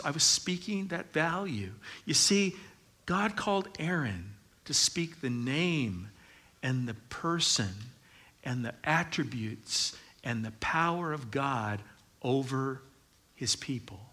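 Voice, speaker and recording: Bright-voiced middle-aged male pastor preaching. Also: on the high side, lively intonation, slow. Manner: conversational, joking asides, building to emphatic. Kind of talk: sermon.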